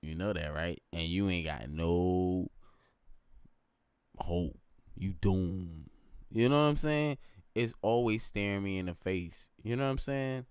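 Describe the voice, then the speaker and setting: Rambling low-voiced man, late-night stream. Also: unhurried, darkish tone, clear, resonant tone, dry recording, studio quality. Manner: rambling and reflective, repeats phrases, asks "you know what I'm saying". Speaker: live streamer. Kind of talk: late-night casual live stream monologue.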